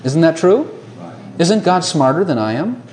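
A man preaching a sermon to a congregation, animated, laughing often and asking rhetorical questions. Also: a little high, a little slow, slight background noise.

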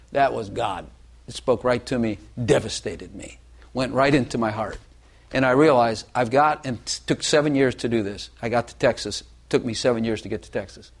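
An older man giving a personal testimony in an earnest, self-deprecating, halting way. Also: mid-range voice. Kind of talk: confessional testimony talk.

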